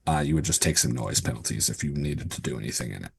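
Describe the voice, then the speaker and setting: A man's voice: a bass voice, lively intonation, fast, gravelly, slightly rough. A man running a tabletop game as game master, describing scenes and rules with many fillers.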